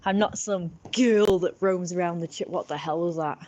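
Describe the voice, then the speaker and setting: A woman's voice: fairly low pitch, moderate pace, darkish tone. A woman, rambling casually in a vlog, swearing and chatty. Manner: swearing, chatty, laughing at own jokes. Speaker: vlogger.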